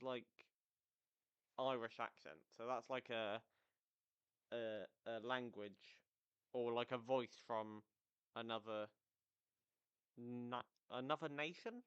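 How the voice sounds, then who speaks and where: A man's voice: mid-range voice, measured pace, long pauses, fairly bright tone, smooth. A young man hosting a football podcast in casual, rambling chat, close to the mic, often mocking himself and tripping over his words. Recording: slightly dull lo-fi mic.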